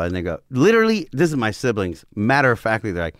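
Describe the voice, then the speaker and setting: A man in his forties telling a wild family story in casual chat, swearing freely and acting out what people said, breaking into loud laughs. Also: mid-range voice, big pitch swings, a little fast, no echo, studio quality. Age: 40s.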